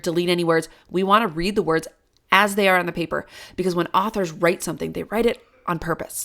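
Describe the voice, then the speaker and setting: Enthusiastic woman teacher, low voice. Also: fairly bright tone. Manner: enthusiastic, explains with everyday examples. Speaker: reading teacher for parents. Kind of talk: teaching talk to parents.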